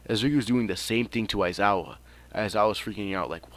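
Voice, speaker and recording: Young man, low voice, rambling, swears freely, improvised fan story. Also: fairly quick, fairly bright tone. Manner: rambling, swears freely, laughs at own jokes.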